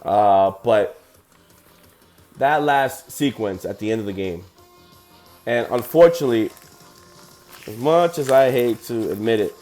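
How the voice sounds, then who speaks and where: A man's voice: medium pitch, darkish tone. A man hosting a sports podcast, ranting heatedly and profanely about football results.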